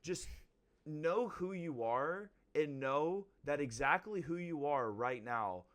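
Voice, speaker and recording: A young man co-hosting a podcast, talking in a measured, advice-giving way with lots of "like" fillers. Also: a little high, animated, fairly bright tone. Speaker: podcast co-host. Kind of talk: casual podcast chat.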